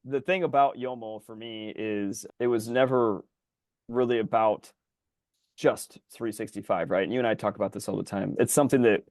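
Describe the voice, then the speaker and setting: A man co-hosting a podcast in casual chat, rambling and animated, his voice jumping high when he gets excited. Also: normal speed, no echo. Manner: rambling, animated storyteller full of fillers. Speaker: podcast co-host.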